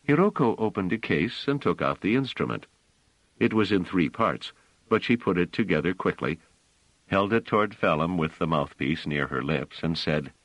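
A man reading a novel aloud as an audiobook narrator, with expressive storytelling. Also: extremely low pitch, normal speed, gravelly, no echo, dull audio. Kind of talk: scripted narration.

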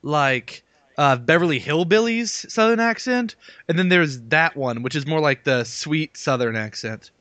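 Man, fairly high voice, jokey podcast co-host, laughs often, dry sound. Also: animated, unhurried, a bit bright, no echo. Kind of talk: casual chat.

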